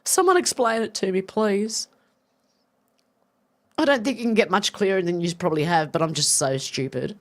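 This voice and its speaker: Reading out her chat, this livestream host, a woman in her 50s, keeps things casual: she chats, swears, pokes fun at herself, and laughs, puzzled by a joke. She speaks at normal speed in an expressive, medium-pitched voice, pausing often.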